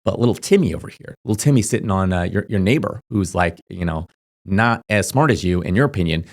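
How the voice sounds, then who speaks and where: A young man speaking quickly and insistently, his voice sitting fairly low, giving casual straight-to-camera advice. He piles on fillers and keeps checking in with a quick "okay?" as he drives his points home. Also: lively intonation. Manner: rapid, filler-heavy, emphatic, repeats "okay?". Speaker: crypto YouTuber.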